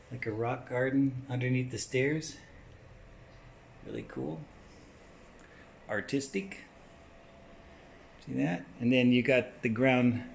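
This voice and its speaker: A man's voice: mid-range voice, creaky, darkish tone, slight background noise. A man narrating a casual walkthrough of a house as he films it, pointing things out as he walks from room to room. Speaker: house tour vlogger. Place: inside a large house.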